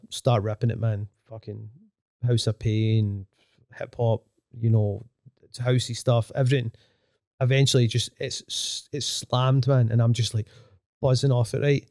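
A young man, a DJ guest, chatting casually in quick, rambling, profane talk full of fillers. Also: mid-range voice, fairly even intonation, dark tone, no room sound, clean studio sound. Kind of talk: casual chat.

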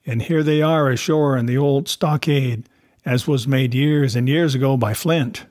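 A man voicing a half-wild marooned old sailor, cunning and anxious, speaking in rough sailor's grammar in a storybook reading. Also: medium pitch, a little slow, darkish tone, dry recording, studio quality, natural voice. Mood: wheedling. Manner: rustic sailor's grammar, sly and insistent.

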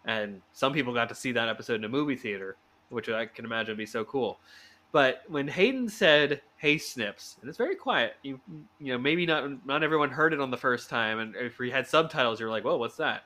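A man hosting a casual fan podcast, animated, laughing often and restarting his sentences. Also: medium pitch, brisk. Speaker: podcast host.

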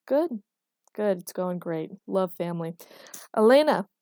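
A patient, wry grown son who explains things with gentle teasing, read by a woman narrator. The voice is warm and mellow, close and dry. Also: medium pitch, fairly quick, dry recording, close to an everyday voice.

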